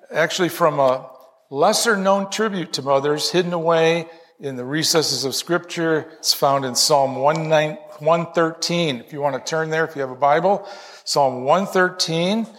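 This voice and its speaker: A man preaching a sermon in a church sanctuary. His voice sits a little high for a man, and he keeps it conversational, with touches of light humor. A long hall reverb trails behind each phrase. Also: a bit bright. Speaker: pastor.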